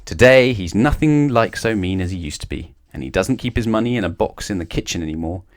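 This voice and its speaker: A man with a fairly low voice reads a children's bedtime story aloud. He tells it in a lively, expressive way, shifting his voice as the story goes. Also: brisk. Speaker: storybook reader.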